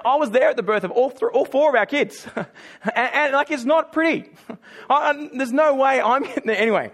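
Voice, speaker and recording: Middle-aged man, high voice, chatty pastor giving a sermon. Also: unhurried, a bit bright. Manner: conversational, self-deprecating humor. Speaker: preacher.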